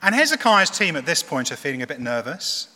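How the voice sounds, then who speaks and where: Animated man preaching a sermon. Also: a little high, brisk, big-room sound. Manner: animated storytelling, conversational. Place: church.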